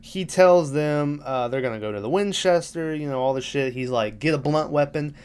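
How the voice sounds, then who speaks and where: A man's voice: medium pitch, lively intonation, normal speed, a little mellow, clean tone. A man hosting a podcast, recapping a film in a rambling, casual, profane way, laughing now and then. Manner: rambling, profane, laughs while retelling scenes. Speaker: podcast host.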